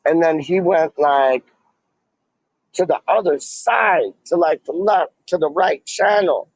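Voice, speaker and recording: On a dull, lo-fi, dry recording, a man reads live chat as a fan vlogger during a casual stream. His slightly high voice carries gravel and vocal fry, and he rambles at a slow drawl, heavy on slang and "like."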